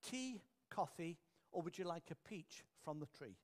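A preacher playing a soft-spoken formal butler. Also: male voice, a little high, expressive, unhurried. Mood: courteous. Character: polite, formal male butler offering choices.

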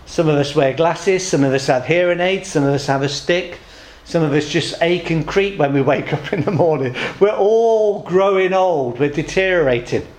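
A man's voice: a little high, roomy sound. A man preaching a sermon at a church service, telling jokes and speaking in short, paced phrases. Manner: jokey storytelling, pausing in short phrases.

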